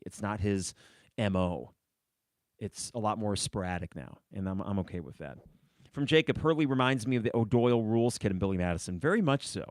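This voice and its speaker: A man's voice: lowish voice, clear, resonant tone, no room sound, clean studio sound. A man hosting a sports podcast alone, talking casually in a rambling, opinionated way and answering viewer comments. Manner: rambling, opinionated, reads live chat comments. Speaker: podcast host.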